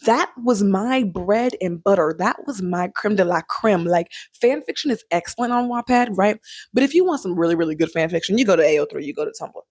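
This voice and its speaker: A young woman chatting casually as a vlogger reviewing a movie, animated and quick to laugh. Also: medium pitch, no room sound, studio quality. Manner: chatty, animated, laughs often, sings snippets.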